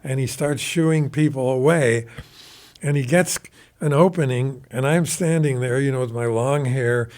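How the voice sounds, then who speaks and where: Animated older man telling stories. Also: mid-range voice, unhurried. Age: 70s. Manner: animated, rambling, swears casually. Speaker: guest guitarist. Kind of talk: casual anecdotal storytelling. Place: recording studio.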